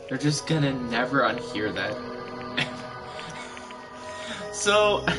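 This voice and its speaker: A young man doing casual live-stream commentary over a video game, laughing constantly between rambling, self-mocking asides. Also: mid-range voice. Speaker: let's play streamer. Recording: game music playing behind the voice. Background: game background music.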